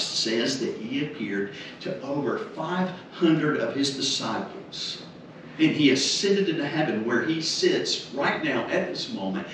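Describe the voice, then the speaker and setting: A man officiating a memorial service, preaching a funeral sermon in an earnest way and repeating rhetorical questions. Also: mid-range voice. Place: funeral home chapel. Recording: echoey chapel, mic far off, room noise.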